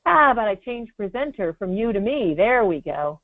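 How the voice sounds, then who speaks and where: A woman's voice: mid-range voice, big pitch swings, normal speed, no echo. Chatty woman on a tinny web call. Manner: chatty, self-deprecating humor. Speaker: guest presenter. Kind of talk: casual webinar chat. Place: home office. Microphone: video call. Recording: tinny phone-like web call audio, dry.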